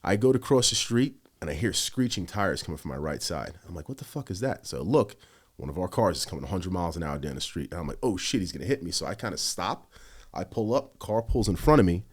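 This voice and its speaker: Fast-talking deep-voiced man telling stories. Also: slightly rough. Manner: animated, heavy swearing, quotes himself. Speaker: podcast guest, former police officer. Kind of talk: casual storytelling.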